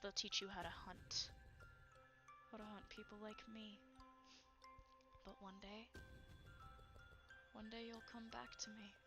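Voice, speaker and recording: Whispered role-play of a woman voicing a dreamy, ominous woman whose soft voice slips into breathy whispers. She speaks slowly, with a gravelly edge, and music plays underneath. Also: mid-range voice, flat delivery. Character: dreamy, ominous woman foretelling a child's fate. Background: background music.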